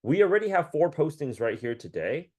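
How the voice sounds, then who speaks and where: A man's voice: a little high, sing-song, fairly quick, mellow. A man working as a career coach, chatting casually in slang, laughing often and acting out the people he quotes. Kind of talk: casual chat.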